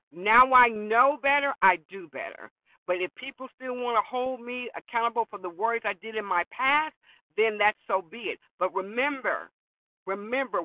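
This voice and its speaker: A man's voice: very high-pitched, dry recording. Man ranting over a tinny, distant line. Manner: emphatic, repeats himself, rhetorical questions. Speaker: podcast host. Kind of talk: opinion monologue. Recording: tinny phone-like sound from far off.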